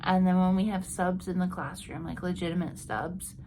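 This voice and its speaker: A woman's voice: lowish voice, steady tone, normal speed, a little hiss or hum. A woman in her twenties, a teacher, talking frankly to the camera in a personal vlog, tired and venting with lots of fillers. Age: 20s. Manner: frank, weary and venting, with frequent fillers and soft trailing words. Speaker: teacher vlogger.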